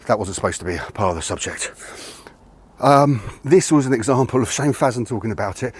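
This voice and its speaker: The speaker is a man of medium pitch with lively intonation, a slightly fast pace and a breathy edge. He is a martial arts instructor giving a video lesson on punching outdoors beside a tree, talking casually, correcting himself and sounding a little out of breath.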